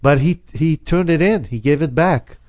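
A man's voice: on the high side, normal speed, darkish tone, no room sound. A man hosting a radio talk show, chatting casually in a loose, rambling way full of fillers. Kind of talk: casual chat. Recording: dull lo-fi radio sound.

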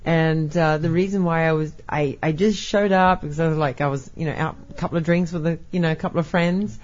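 A woman with a foreign accent co-hosts a relaxed talk show, chatty and quick to laugh. Her voice sits a little low, and the audio has a dull, lo-fi quality. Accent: non-American, unnamed. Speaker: co-host. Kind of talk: casual chat.

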